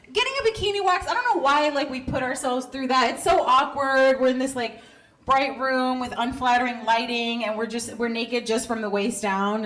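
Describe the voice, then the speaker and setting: Woman in her thirties, stand-up comic, brash, profane, higher-pitched, live club recording with background noise. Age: 30s. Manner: brash, profane, self-mocking, laughs through lines. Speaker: stand-up comedian. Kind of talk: stand-up comedy set. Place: comedy club stage.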